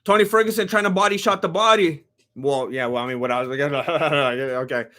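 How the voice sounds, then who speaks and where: Hyped guy doing live fight commentary, high bright voice, rambles and yells. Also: brisk. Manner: excitable, rambling, many restarts, bursts of shouting. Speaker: live fight watch-along host.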